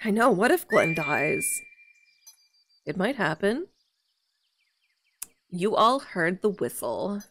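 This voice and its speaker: A woman's voice: medium pitch, sing-song, takes it slowly, pauses often, fairly bright tone, slight background noise. A woman streaming a video game, giving playful, sarcastic commentary and swearing freely. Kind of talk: casual gameplay commentary. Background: faint game music.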